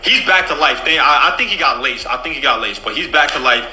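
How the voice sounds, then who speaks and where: A man on a podcast telling a comic story in a casual, profane, animated way. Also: medium pitch, fast talker, roomy sound, background noise. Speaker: podcast host.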